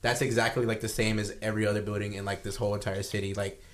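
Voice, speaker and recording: A man's voice: on the low side, flat delivery, rapid-fire. A young man co-hosting a casual podcast chat, rambling in a laid-back way and trailing off mid-thought. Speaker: podcast co-host. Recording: roomy echo.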